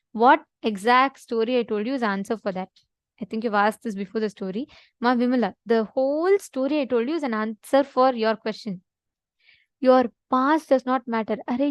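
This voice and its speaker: A woman's voice: a little high, no room sound. A woman giving a spiritual discourse, telling stories earnestly and putting questions to her listeners. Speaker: spiritual teacher.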